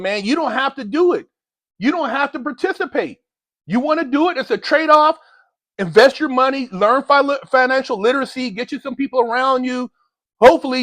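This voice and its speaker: A man's voice: very high voice, a bit bright, dry recording. A man ranting bluntly in a heated, lecturing commentary, using street slang, as a motivational vlogger.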